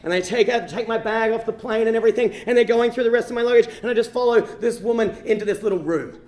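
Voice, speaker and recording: A man's voice: extremely high pitch, fast talker, a little mellow. A man doing stand-up storytelling on a comedy stage, rambling and self-mocking, with frequent restarts. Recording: roomy live venue.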